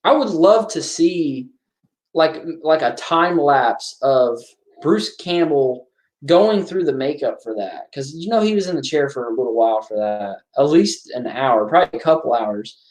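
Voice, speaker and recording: Lively man chatting through a movie. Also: a little high, a little slow. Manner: chatty, reacting aloud to the film as he watches. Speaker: horror movie commentator. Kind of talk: casual watch-along commentary.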